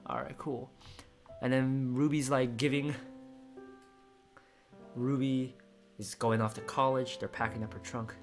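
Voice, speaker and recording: A man reading a screenplay aloud in a casual way, excitable and choked up, often restarting his sentences. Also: medium pitch, a little slow, long pauses, faint music behind. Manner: excitable, emotional, with frequent restarts. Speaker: screenplay reader and commentator. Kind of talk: casual script read-through with commentary.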